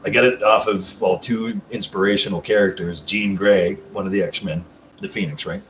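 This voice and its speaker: A man's voice: sits low, steady tone, normal speed. A man hosting a casual live chat, rambling, swearing freely and answering viewer comments. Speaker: livestream host. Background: background music.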